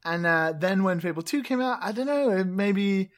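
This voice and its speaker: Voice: mid-range voice, expressive, normal speed. A speaker from Britain, joking wryly and laughing along in casual chat.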